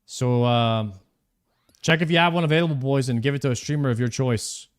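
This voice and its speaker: A man's voice: medium pitch, brisk, smooth. A man streaming a video game live, chatting casually and thanking viewers by name.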